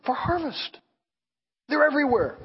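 A man's voice: very high voice, moderate pace, vocal fry. A man preaching a sermon as pastor, telling stories and acting out the voices of people in them. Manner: animated storytelling, acting out voices. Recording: dull reverberant hall recording.

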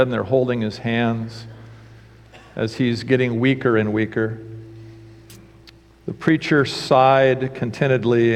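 A man preaching a sermon as pastor, telling a humorous story and then teaching, in a preacherly storytelling manner. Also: medium pitch. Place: church sanctuary. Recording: church sanctuary with long reverb.

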